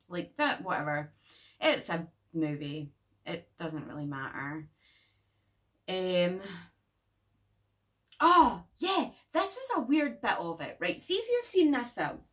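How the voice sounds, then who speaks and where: A woman casually reviewing a horror movie in a chatty, animated way, swearing freely. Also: fairly low pitch, a little slow, far from the mic.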